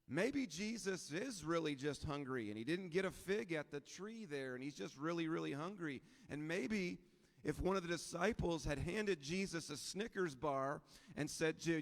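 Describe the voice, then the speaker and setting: A man preaching a sermon as pastor, in a relaxed, conversational way with frequent rhetorical questions. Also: fairly high pitch, normal speed, big-room sound.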